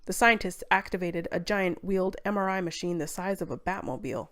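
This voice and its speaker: A woman's voice: lowish voice, a little fast, few pauses, fairly bright tone. A woman narrating a scripted story in a wry, irreverent way.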